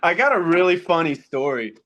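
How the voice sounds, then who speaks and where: A man's voice: on the high side, big pitch swings, a little fast, fairly bright tone, lo-fi sound. A man in his thirties, a podcast guest, telling casual stories about fatherhood and gaming, laughing often as he talks. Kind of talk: casual storytelling.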